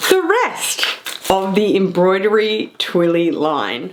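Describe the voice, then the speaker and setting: A woman in her thirties chatting casually to camera, showing off purchases with excited, drawn-out emphasis. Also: mid-range voice. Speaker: fashion vlogger. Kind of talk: casual haul chat to camera.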